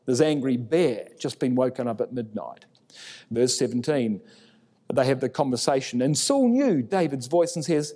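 Male Bible teacher, lively delivery, mellow tone, long hall reverb. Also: mid-range voice, moderate pace. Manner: animated, acts out biblical dialogue in raised voice.

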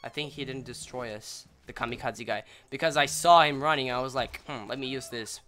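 A young man commentating his own gameplay, rambling and apologizing, then yelling in excitement, a little sick and clearing his throat. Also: medium pitch, a little fast. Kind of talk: casual let's-play commentary.

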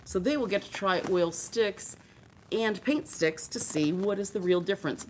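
A woman's voice: on the low side, animated, unhurried, slight background noise. A woman hosting a live art supply show, chatting and showing off products with enthusiasm while joking with her co-hosts. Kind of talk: casual live-stream product showcase.

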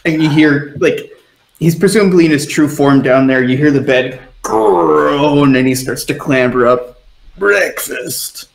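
A man narrating as game master of a tabletop game, relaxed and rambling with plenty of fillers. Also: mid-range voice, normal speed, roomy sound, low-quality recording.

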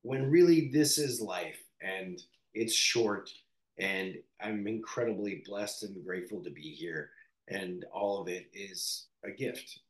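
In a reverberant space, a Canadian actor gives a candid, thoughtful interview, full of hesitations, fillers and false starts. His voice sits low.

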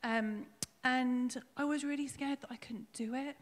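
A congregation member shares her baptism testimony in a church hall, where a long reverb tail trails her words. She speaks a little slowly in a high-pitched voice with fairly even intonation, recounting her personal faith story nervously and emotionally and saying um often.

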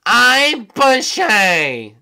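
A man putting on a squeaky, drawn-out voice of an old male friend he compares to a librarian. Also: wildly swooping pitch, bright, forceful tone, smooth, full character voice. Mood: mocking.

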